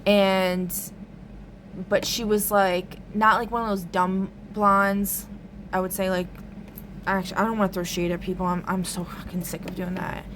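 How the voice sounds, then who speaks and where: A woman's voice: mid-range voice, little pitch movement, normal speed, a bit bright, slight background noise. Rambling, swearing woman, casual vlog. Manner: rambling, lots of "like", frequent swearing. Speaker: tarot reader recounting a dream.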